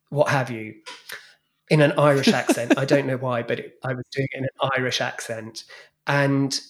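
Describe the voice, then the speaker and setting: A man's voice: medium pitch, normal speed. A man, a guest in an interview, telling frank, bawdy stories about his past stage acts. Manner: frank, bawdy, animated storytelling. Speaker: guest, former club DJ and drag performer. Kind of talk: anecdotal storytelling in a podcast interview.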